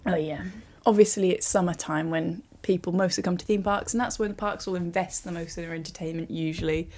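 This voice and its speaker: A young woman, talking through a casual vlog in a chatty, animated way with self-mocking asides. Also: on the low side, brisk. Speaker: YouTuber.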